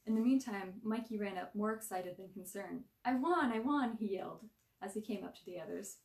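Gravelly woman reading a story aloud. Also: medium pitch, steady tone, brisk, mellow, echoey room, distant mic. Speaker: story reader.

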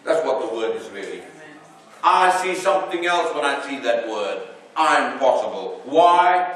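A man preaching slowly and deliberately, his voice rising and falling in wide, lively swings. He sounds a little far from the mic, and his words ring through a very echoey hall. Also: mid-range voice. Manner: animated preaching, swelling and dropping his voice. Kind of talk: sermon.

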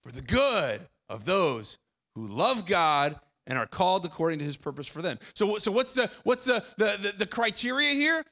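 A young man preaching a sermon as pastor, conversational, repeating phrases and dropping quiet for emphasis. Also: high voice, very animated, moderate pace. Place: church auditorium.

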